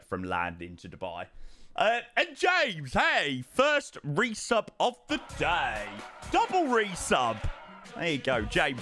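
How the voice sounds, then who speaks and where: A man's voice: medium pitch, bright, forceful tone. Chatty man greeting his stream. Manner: chatty, greets viewers by name, repeats words. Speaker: flight sim streamer. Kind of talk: casual live-stream chat.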